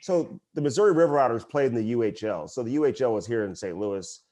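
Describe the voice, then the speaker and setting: A man's voice: medium pitch, expressive, quick pace, dark tone. A man co-hosting a podcast who works as a broadcaster, telling a story in casual chat while laughing at himself.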